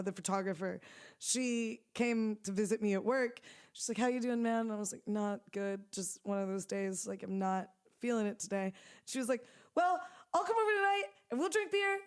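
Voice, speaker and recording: A woman's voice: medium pitch, steady tone, moderate pace, darkish tone, clear, resonant tone. A young woman musician chatting in an interview, rambling with lots of "like" fillers and frequent laughs. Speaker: musician guest. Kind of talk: casual interview chat.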